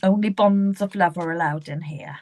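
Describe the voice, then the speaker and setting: A woman's voice: lowish voice, normal speed, darkish tone. A woman giving live psychic readings, speaking earnestly and repeating herself as she addresses viewers by name. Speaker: psychic medium.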